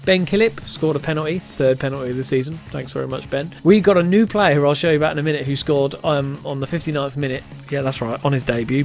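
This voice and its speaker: A man talks through his football management game in a casual, jokey way, mocking himself and slipping into silly sing-song bits. His voice sits a little high. Faint music plays underneath. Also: fast talker, hardly any pauses, darkish tone. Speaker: gaming YouTuber.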